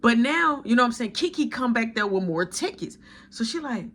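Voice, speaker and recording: A young man telling a story in casual slang, animated as he acts out what people said to him. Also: very high-pitched, fairly quick. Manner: animated retelling, acting out others' quotes in slang.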